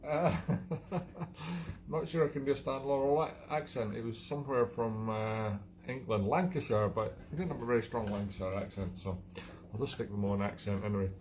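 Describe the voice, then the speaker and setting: A man's voice: mid-range voice, fairly quick, hardly any pauses, a little mellow, a little hiss or hum. A Scottish man hosting his own live stream, chatting in a rambling, self-mocking way and often chuckling at himself. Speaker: live-stream show host. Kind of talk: casual live-stream chat.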